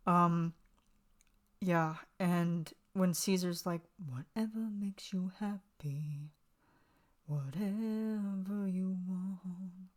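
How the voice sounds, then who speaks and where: A woman hosting a podcast, chatting casually and emotionally about a music video, with lots of fillers and restarts. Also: fairly low pitch. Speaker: podcast host. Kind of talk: casual fan commentary.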